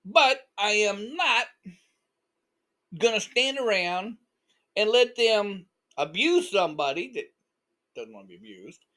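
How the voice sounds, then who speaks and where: A man's voice: high-pitched, animated, slow, pauses often, pushed and bright, heavily acted. A man voicing a big grumpy male dragon in a told story, who talks in a blunt, folksy grumble. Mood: disgusted.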